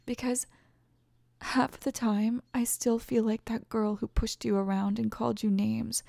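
A woman playing a gravelly, insecure pregnant ex-bully. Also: a little high, level tone, a little slow, dry recording, clean studio sound. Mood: tender. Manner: emotional, defensive then tender, soft confessional asides. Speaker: audio role-play performer. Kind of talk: listener-directed audio role-play.

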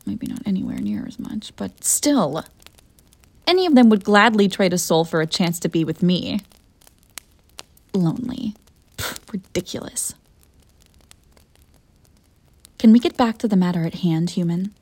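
A woman's voice: on the low side, expressive, a little fast, a little mellow, no room sound. A woman voicing a proud, bored, centuries-old female succubus in an audio role-play for the listener, haughty and theatrical. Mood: defensive. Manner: haughty and theatrical, defensive when pressed.

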